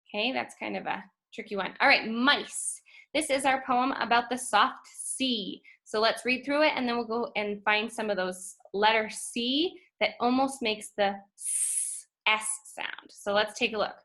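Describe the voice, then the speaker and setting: A woman teaching a phonics lesson to first graders, speaking slowly and clearly and stretching out letter sounds. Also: mid-range voice, pushed and bright. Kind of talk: phonics lesson for young children.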